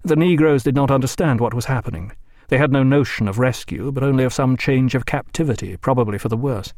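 A man reading a novel aloud as audiobook narrator, measured and even. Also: mid-range voice, no echo, clean studio sound. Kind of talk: scripted narration.

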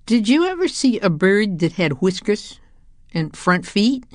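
A woman's voice: mid-range voice, sing-song, measured pace, no echo, studio quality, pitched above the performer's own voice. A woman voicing a puzzled working man, a crane operator, speaking in a plain, bemused way in a storybook reading.

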